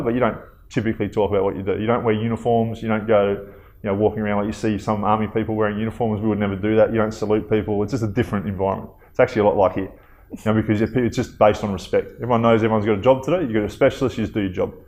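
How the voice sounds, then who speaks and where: An Australian interview guest in his thirties, with a fairly low voice, shares stories in a casual, relaxed way. He pauses on filler words and often wanders off into asides.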